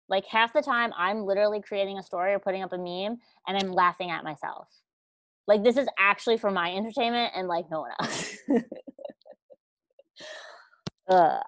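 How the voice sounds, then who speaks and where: A woman talking as a guest coach in a casual chat, blunt and slangy, swearing freely and laughing at herself. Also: mid-range voice.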